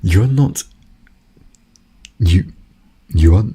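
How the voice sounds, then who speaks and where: A man's voice: low voice, animated, extremely slow, warm tone, husky, full character voice. A man doing a pompous, menacing villain. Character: smug, menacing middle-aged man, villain.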